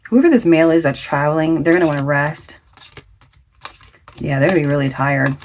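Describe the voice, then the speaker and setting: A woman's voice: low-pitched, brisk, darkish tone, a little hiss or hum. A woman giving a casual pick-a-card tarot reading, chatty and slangy, with lots of affirming fillers. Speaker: tarot reader.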